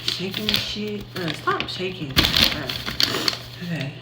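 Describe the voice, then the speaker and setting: Stressed-out woman vlogging alone, drawn-out talk, echoey room, noisy background. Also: fairly low pitch. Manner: stressed, swearing, half-whispering at times. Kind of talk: self-filmed home vlog.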